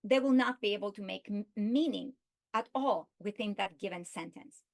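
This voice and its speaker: A woman giving a recorded literacy lesson, speaking slowly and deliberately and stressing each example word. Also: mid-range voice, creaky. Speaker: teacher.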